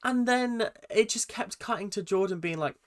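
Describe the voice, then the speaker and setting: A man's voice: sits high, moderate pace. A young man giving a chatty, exasperated recap of a reality show, full of ums and restarts. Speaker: reaction vlogger. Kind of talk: casual recap commentary.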